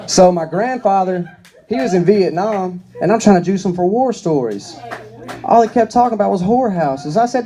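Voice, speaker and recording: A man's voice: sits high, expressive, normal speed, dark tone. A man performing stand-up comedy, telling crude, rambling stories. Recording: live comedy club crowd.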